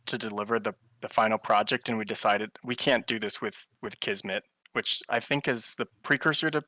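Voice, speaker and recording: A man chatting as a guest in an interview, enthusiastic and quick to laugh, with some fillers. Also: on the low side, fairly even intonation, sharp tone, no room sound, low-quality recording. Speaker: guest, hologram artist. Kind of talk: casual interview chat.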